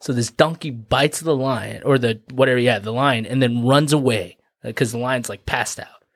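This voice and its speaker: A man's voice: medium pitch, normal speed, no echo, clean studio sound. A young man casually retelling a folk tale as a podcast co-host, profane and rambling. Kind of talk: crude comic storytelling.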